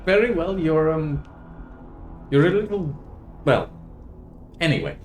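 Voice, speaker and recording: A woman's voice: low voice, lively intonation, unhurried, a little mellow, pitched above the performer's own voice. A man voicing a blunt, motherly female barkeep who talks in a homely drawl.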